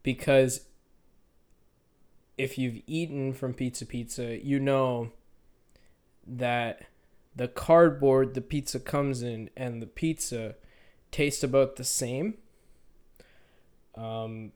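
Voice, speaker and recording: Rambling young man, smooth voice. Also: medium pitch, a little mellow. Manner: rambling, halting, self-correcting. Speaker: podcast host. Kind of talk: unedited solo podcast monologue.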